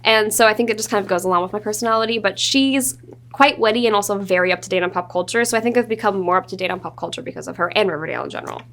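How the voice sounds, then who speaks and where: A woman's voice: mid-range voice, racing, gravelly. A woman in her twenties, a guest in a studio interview, chatting casually and acting out little quotes as she tells stories. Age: 20s. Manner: animated storytelling with acted-out quotes. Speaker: actress guest.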